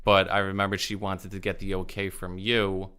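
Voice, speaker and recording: A man's voice: low voice, completely flat delivery, normal speed, bright, forceful tone, smooth. A man hosting a podcast in casual chat, upbeat and joking, with frequent stumbling restarts. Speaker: podcast host.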